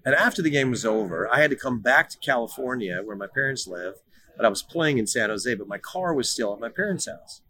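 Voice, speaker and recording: A man's voice: medium pitch, expressive, a little fast, pushed and bright, breathy edge. A middle-aged man, a former pro soccer player, telling stories as a guest in a casual interview, often repeating words as he starts a sentence.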